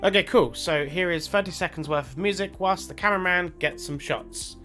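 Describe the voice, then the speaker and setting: A man's voice: sits high, brisk, bright, forceful tone. Cheeky recorded message from a man. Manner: cheeky, profane, bossy instructions. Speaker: resident videographer. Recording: played-back recording with music behind.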